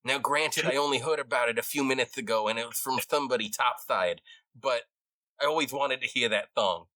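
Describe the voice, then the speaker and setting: A man voicing a chatty, excitable giant rat who talks in rough slang. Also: medium pitch, fairly quick, no echo, pitched above the performer's own voice, close to an everyday voice, rough recording. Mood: folksy. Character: chatty male giant rat named Chuck.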